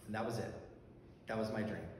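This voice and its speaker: A man's voice: on the low side, brisk. Man preaching in a very echoey church. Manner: personal storytelling, conversational with fillers and restarts. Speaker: pastor. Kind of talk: sermon. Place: church sanctuary. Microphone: handheld or stand mic that fell during talk. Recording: very echoey church hall, faint background noise.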